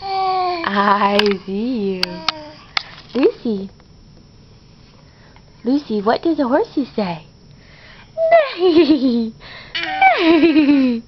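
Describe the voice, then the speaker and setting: A woman coaxing a toddler in slow, sing-song baby talk at home. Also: fairly high pitch, very animated, a little hiss or hum. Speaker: parent talking to a toddler. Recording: dull lo-fi home video.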